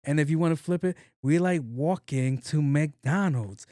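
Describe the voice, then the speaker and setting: A man's voice: on the high side, unhurried, mellow, no room sound, studio quality. A man hosting a podcast, telling a workplace story in a casual, profane, joking way and acting out the dialogue. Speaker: podcast host.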